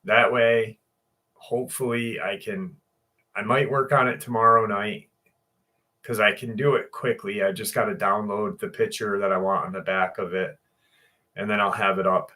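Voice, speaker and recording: A man's voice: fairly low pitch, fairly even intonation, moderate pace, bright, forceful tone. A man hosting a livestream in casual chat, rambling along with many fillers and restarts. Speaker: livestream host.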